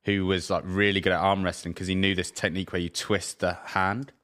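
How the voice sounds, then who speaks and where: A man co-hosting a podcast in a low-key manner, throwing in dry asides. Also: little pitch movement, fairly quick, fairly bright tone. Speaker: podcast co-host. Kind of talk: casual chat.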